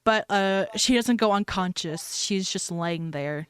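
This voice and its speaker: A woman playing a tabletop role-playing game, excitable and quick to shout. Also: medium pitch, clear, resonant tone, dry recording. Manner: excitable, laughing, loud outbursts. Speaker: player. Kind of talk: in-character tabletop play.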